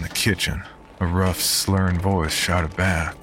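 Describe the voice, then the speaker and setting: Deep-voiced man narrating horror. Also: level tone. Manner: measured, grim storytelling. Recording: narration over background music.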